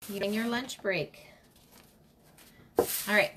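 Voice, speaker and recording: A woman's voice: medium pitch, takes it slowly, noisy background. A woman hosting a casual craft demonstration, chatting and greeting viewers by name as she works. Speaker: craft livestream host.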